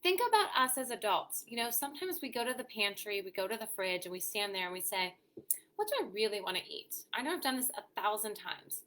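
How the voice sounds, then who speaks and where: A woman's voice: medium pitch, lively intonation, a little fast, few pauses, fairly bright tone, slight background noise. A woman hosting a weekly live show for mothers, chatting casually and answering viewer comments with lots of "you know" and "um". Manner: frequent "you know" and "um" fillers. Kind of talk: casual live-stream chat.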